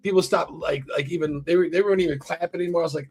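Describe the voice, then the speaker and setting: A man hosting a casual podcast, talking in a profane, rambling, animated way. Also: on the high side, racing, few pauses, soft background music. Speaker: podcast host. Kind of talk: casual chat.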